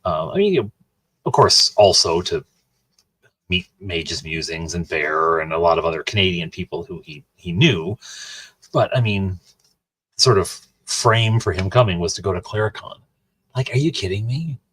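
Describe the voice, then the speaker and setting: A man with a very low, husky voice chats loosely with his stream audience, wandering off into asides and restarting his sentences. The sound is close and dry, with no room around it. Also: moderate pace, a bit bright, dry recording. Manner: rambling, chatty, many restarts and asides to chat. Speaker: streamer and host. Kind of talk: casual chat while livestreaming.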